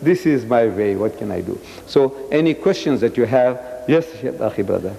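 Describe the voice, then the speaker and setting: A man in his seventies giving a public lecture in a loud, roaring, emphatic voice, repeating his points. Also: expressive, moderate pace, gravelly. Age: 70s. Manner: emphatic, repeats phrases, swings high and low. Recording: long reverb of a lecture hall.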